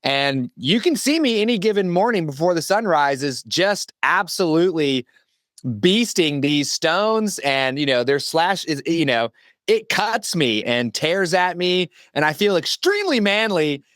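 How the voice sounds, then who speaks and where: A man's voice: fairly high pitch, sing-song, measured pace, fairly bright tone, dry recording, clean studio sound. A man in his late thirties, a podcast guest talking with enthusiastic, slangy emphasis. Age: 30s. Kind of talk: casual interview chat.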